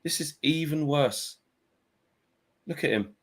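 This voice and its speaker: A man's voice: fairly high pitch, takes it slowly. A man co-hosting a live football fan stream, bluntly complaining and muttering predictions. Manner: blunt, exasperated, muttered asides. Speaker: fan channel co-host. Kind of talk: live match-watch chat.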